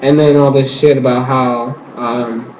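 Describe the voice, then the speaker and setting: A young man giving an excited, casual recap of a show episode, full of fillers and sudden high squeals as he quotes the characters. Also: measured pace, roomy sound, muffled recording, a little hiss or hum. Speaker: episode reviewer.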